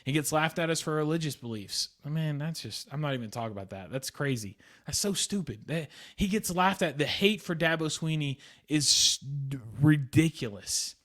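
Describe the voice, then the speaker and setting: Young guy hosting a sports podcast, heated and worked up, kinda high voice, keeps repeating himself. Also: expressive, normal speed, few pauses, a bit bright. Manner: heated, repetitive, exasperated. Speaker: podcast host. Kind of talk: solo sports podcast rant.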